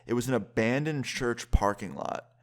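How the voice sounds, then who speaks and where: A young man casually telling a personal story as a vlogger, lively and quick, with some swearing. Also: mid-range voice. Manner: lively, fast-paced retelling with swearing.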